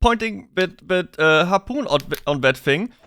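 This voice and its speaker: Brief: German-native man, high-ish bright forceful voice, excitable, trips over his words, dry close sound. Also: a little slow, smooth, dry recording. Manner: excitable, stammering restarts. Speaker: interviewee, streamer. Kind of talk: casual chat about games.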